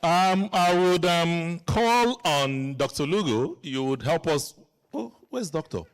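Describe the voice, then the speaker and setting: A man's voice: on the high side, lively intonation, slow, clean tone, poor audio. Chatty man hosting a community event. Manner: chatty, joking, encouraging the audience. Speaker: event host. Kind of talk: live Q and A hosting.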